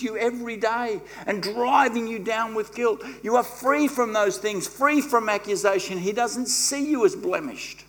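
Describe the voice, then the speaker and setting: High-pitched guy preaching, gets loud then drops quiet, has the congregation repeat after him. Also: measured pace, few pauses. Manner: emphatic preaching that swings between quiet and loud; leads the congregation in call-and-response. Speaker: pastor. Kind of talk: sermon.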